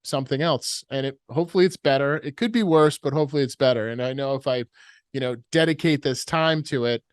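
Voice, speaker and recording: A man from the United States hosting a casual podcast interview, easygoing and joking, with quick comic voices. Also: medium pitch, smooth, dry recording, clean studio sound. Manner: easygoing, jokey, does quick funny voices. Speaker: podcast host.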